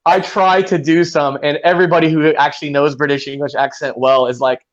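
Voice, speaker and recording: Californian man, lively storyteller, slightly high voice, dull video-call sound. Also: fairly quick. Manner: lively storytelling with playful asides. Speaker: guest English teacher. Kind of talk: casual interview chat.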